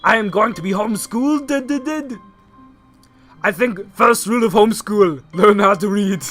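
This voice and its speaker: A young man hosting a let's play, goofy and joking, breaking into shouts. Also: sits high, normal speed, faint music behind. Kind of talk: comedic game commentary.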